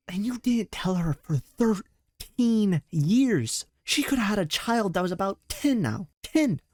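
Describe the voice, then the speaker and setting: A man's voice: high voice, no echo, clean studio sound. Exasperated young man ranting in reaction. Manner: exasperated, profane, slangy rants. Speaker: commentary host. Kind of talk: reaction commentary.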